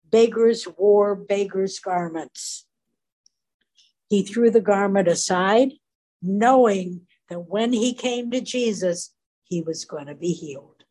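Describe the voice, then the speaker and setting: A woman teaching from the Bible in an earnest, deliberate sermon, briefly voicing the people in the stories. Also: medium pitch, mellow, poor audio. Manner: earnest, slow and deliberate, acts out quoted voices briefly.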